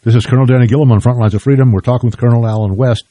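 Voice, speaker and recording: An older man hosting a radio interview, measured and plain-spoken. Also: medium pitch, steady tone, mellow, no echo. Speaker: radio host.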